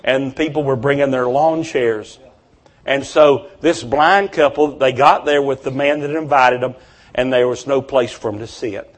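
A man's voice: medium pitch, unhurried. A man preaching a revival sermon, telling stories with fervent conviction.

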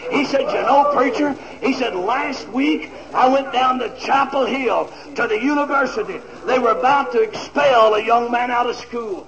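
A preacher with a strikingly high, gravelly voice delivers a fiery revival sermon, often breaking into shouts of praise. The man's voice comes through a dull, lo-fi recording with a congregation audible around him. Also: normal speed, few pauses, crowd noise.

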